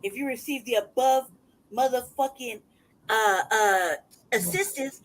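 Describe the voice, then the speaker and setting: A man's voice: very high voice, unhurried, low-quality recording. A man venting in an angry, profanity-heavy rant as a podcast host. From United States. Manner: angry, profane, loud outbursts. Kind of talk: heated casual rant.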